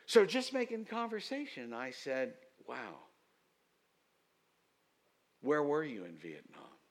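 A man preaching a sermon as pastor, telling stories and rising to loud, emphatic outbursts. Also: mid-range voice, breathy edge.

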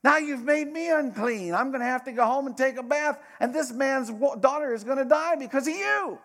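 A man preaching voices an indignant teacher scolding someone, shouting in a raised voice. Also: very high voice, a little fast, voice pushed up. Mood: angry scolding.

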